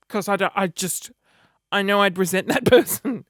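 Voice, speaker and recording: High-voiced man, chatty vlog. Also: moderate pace, fairly bright tone, no echo, clean studio sound. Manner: chatty, self-mocking, dramatic. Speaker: vlogger. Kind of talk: casual chat to camera.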